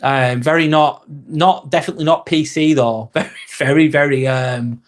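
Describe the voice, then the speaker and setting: Reading out viewer comments and cursing occasionally, this livestream host in his forties keeps the talk loose and casual. He speaks at normal speed in a slightly high voice with fairly even intonation.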